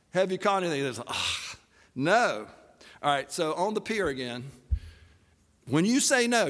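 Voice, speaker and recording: High-voiced preacher telling jokey stories. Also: male voice, long reverb tail. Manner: animated, jokey storytelling with put-on voices. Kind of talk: sermon.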